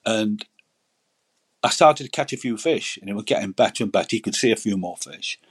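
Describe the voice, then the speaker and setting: A man's voice: lowish voice, animated, brisk, slightly rough. A man, telling rambling stories as a guest in a casual chat, often repeating words. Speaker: guest angler.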